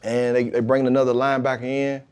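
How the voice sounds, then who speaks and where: A man, a pro football player, talking as a podcast guest, telling his story about faith and football in a lively, emphatic way. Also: mid-range voice, quick pace, clear, resonant tone. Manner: emphatic, animated retelling with acted-out quotes.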